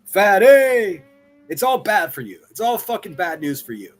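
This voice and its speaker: A man reacting to clips on his livestream, his voice leaping up and down as he mocks and swears. He shouts one moment and mutters the next, never staying level for long. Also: a little high, sing-song, brisk, soft background music. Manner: profane, mocking, swings between loud outbursts and muttering. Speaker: livestream commentator.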